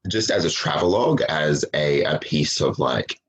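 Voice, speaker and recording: A man's voice: rumbling low, lively intonation, moderate pace, breathy edge, rough recording. A man on a podcast talking casually about a book at home, hesitant with many restarts. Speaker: podcast panelist.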